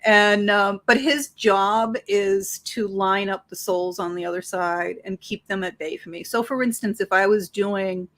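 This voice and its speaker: A woman, a psychic medium, talking as an interview guest and telling stories with lively acted-out dialogue. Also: medium pitch, a little slow, hardly any pauses. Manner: animated, acts out dialogue in her stories. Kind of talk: conversational interview storytelling.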